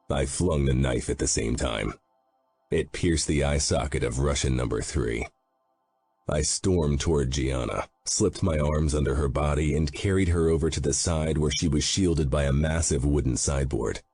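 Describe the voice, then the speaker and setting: A man's voice: extremely low pitch, moderate pace, darkish tone, faint music behind. A man narrating a first-person audiobook in a grim, intense manner.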